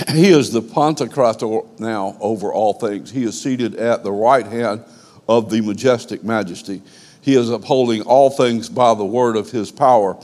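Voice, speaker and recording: Slow, emphatic preacher in a reverberant hall. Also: male voice, mid-range voice, darkish tone. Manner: emphatic, repetitive preaching cadence. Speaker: pastor. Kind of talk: sermon. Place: church sanctuary.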